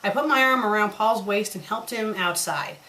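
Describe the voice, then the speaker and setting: A woman's voice: mid-range voice, moderate pace, pushed and bright. A woman who critiques fanfiction, reading a story aloud and breaking off with sarcastic, exasperated asides.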